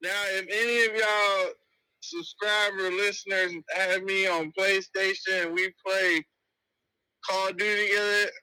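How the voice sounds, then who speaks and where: Male co-host, high-pitched with a sharp, bright tone, laid-back joking banter. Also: flat delivery, measured pace, clean tone, no echo, rough recording. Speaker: podcast co-host. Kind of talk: casual chat.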